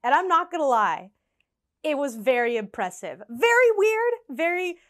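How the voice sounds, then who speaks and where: Bubbly high-voiced young woman telling stories. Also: normal speed. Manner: animated, laughing, acts out quoted voices. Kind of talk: casual storytime.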